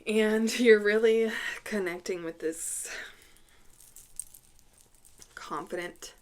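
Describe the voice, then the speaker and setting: A woman giving an intuitive tarot reading to camera, speaking haltingly, repeating words, clearing her throat, and dropping to a hushed voice when she names cards. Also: medium pitch. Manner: soft, hushed drops when naming cards. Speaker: tarot reader.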